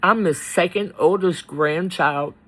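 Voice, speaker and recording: A man vlogging about family loss, talking in a halting, heartfelt way with many pauses and fillers. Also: high voice, a bit bright. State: emotional, close to tears. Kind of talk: personal vlog confession.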